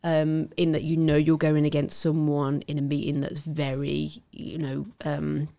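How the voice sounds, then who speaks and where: A woman's voice: sits low, monotone, unhurried, vocal fry, mellow. A woman talking as a podcast guest in casual chat, with lots of "yeah" and "like" fillers.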